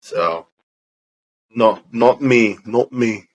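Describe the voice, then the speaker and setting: A man's voice: medium pitch, extremely slow, poor audio. A man, co-hosting a podcast in casual, rambling chat. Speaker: podcast co-host.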